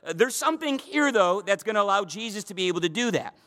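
Male pastor, high voice, impassioned sermon delivery, long hall reverb. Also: expressive, quick pace, sharp tone. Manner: impassioned, repeats and restarts phrases.

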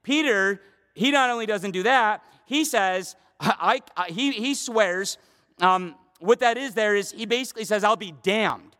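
Male pastor, sermon, emphatic, bright tense voice, long hall echo. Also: high-pitched, a little slow. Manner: emphatic, swings between loud and hushed.

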